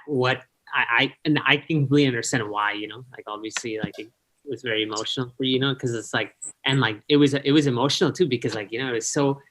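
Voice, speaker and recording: A man's voice: mid-range voice, a bit bright, rough recording. Man gushing, tripping over his words. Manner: enthusiastic, searching for words, many restarts. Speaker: cast member. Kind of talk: casual group video chat.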